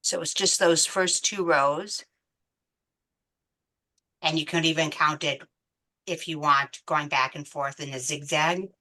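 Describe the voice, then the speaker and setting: A woman with a low but bright voice walks a class through a beading pattern. She speaks slowly and counts each bead out loud with patience. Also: steady tone. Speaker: beading instructor. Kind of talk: step-by-step craft tutorial.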